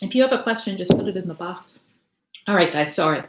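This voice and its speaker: A woman's voice: fairly low pitch, lively intonation, fast, reverberant, background noise. Rambling chatty tarot reader woman. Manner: rambling, chatty, many fillers and restarts. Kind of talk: live-stream tarot reading.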